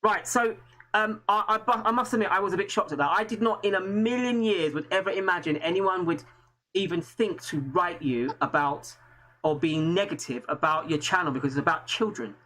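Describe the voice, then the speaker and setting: An English man hosting a casual live stream talks earnestly but rambles, restarting often. His high voice is brisk, pushed and bright, and the recording quality is low.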